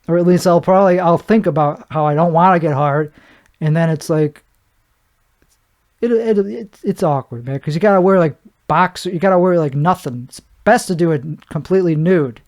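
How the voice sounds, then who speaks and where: A man's voice: fairly high pitch, normal speed, darkish tone. Rambling self-deprecating podcast man. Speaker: podcast host. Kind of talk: solo podcast monologue.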